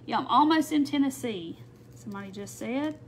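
A woman's voice: a little high, animated, fairly quick, a little hiss or hum. A woman with a Southern American accent, hosting a live craft stream and chatting to viewers while she works. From not from North Mississippi. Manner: chatty, reads out viewer comments. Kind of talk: casual craft tutorial chat. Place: home craft table.

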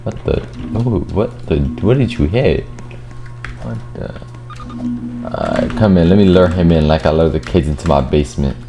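A young man giving gameplay commentary, swearing and shouting in frustrated outbursts, with game music and keyboard typing behind him. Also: sits low, normal speed. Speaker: gaming streamer.

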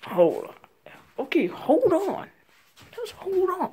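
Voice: very high-pitched, huge pitch swings, slow pace, dark tone, slight background noise, pitched above the performer's own voice, full character voice. A performer voicing a grumpy, frustrated adult male villain scientist in a home-made toy show, sighing, groaning and complaining. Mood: weary. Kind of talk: amateur toy-show voice acting.

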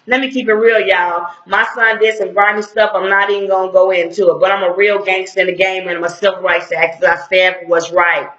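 A middle-aged woman speaking as a civil rights activist, blunt and confrontational, with slangy street talk. Her voice is forceful and sharp. It rings in an echoey room on a dull, lo-fi recording. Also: medium pitch, steady tone, a little fast, hardly any pauses. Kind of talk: impassioned video commentary.

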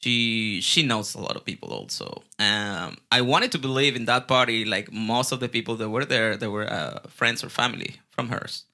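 Man, mexican spanish accent, very bright forceful tone, lively casual storyteller, repeats himself, swears casually. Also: medium pitch, normal speed, hardly any pauses. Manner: animated, restarts and repeats words, swears casually. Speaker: guest bartender.

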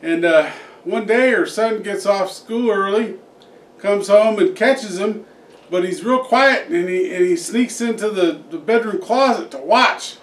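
A man's voice: high voice, a little slow. A man telling a joke in a rambling, folksy way, full of fillers. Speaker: joke teller, host. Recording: echoey room, distant mic.

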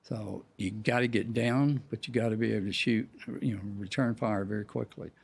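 Gravelly, husky plain-spoken man. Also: on the low side, fairly even intonation, fairly quick. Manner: direct, plain-spoken with frequent "you know". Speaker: military veteran. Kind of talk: interview.

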